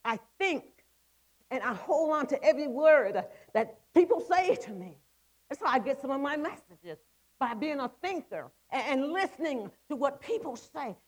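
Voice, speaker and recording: A woman's voice: fairly high pitch, low-quality recording. A middle-aged woman giving a testimony sermon to women, impassioned and repetitive, with stammered restarts. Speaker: women's ministry speaker.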